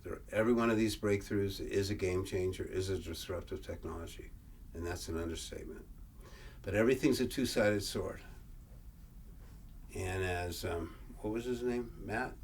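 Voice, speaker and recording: A man presenting a workshop, reading old verse aloud and explaining it in a halting way, often repeating and restarting words. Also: deep voice. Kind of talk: lecture reading and explaining scripture. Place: workshop room. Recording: distant mic, faint room noise.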